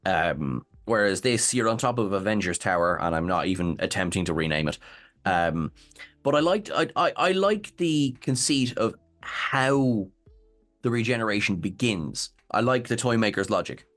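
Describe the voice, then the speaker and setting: A man with an Irish accent co-hosting a casual TV discussion, animated and given to halting restarts. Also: lowish voice, soft background music. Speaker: co-host.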